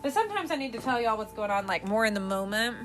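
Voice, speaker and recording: A young adult woman hosting a casual podcast, sassy and animated, laughing often. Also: fairly high pitch, quick pace, soft background music. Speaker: podcast host.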